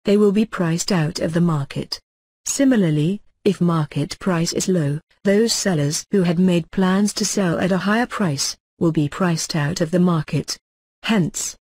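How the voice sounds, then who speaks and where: Husky man reading lecture notes. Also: sits high, darkish tone, no room sound. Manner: measured, formal textbook delivery.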